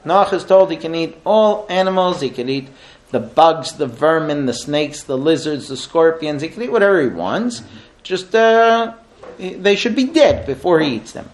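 A man teaching a religious class, telling stories in an animated way and often laughing. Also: a little high, normal speed. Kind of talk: storytelling religious lesson.

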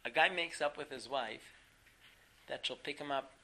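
Man, class teacher, bright tone, storytelling, laughs, lots of ums. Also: mid-range voice, moderate pace, poor audio. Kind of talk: storytelling lesson.

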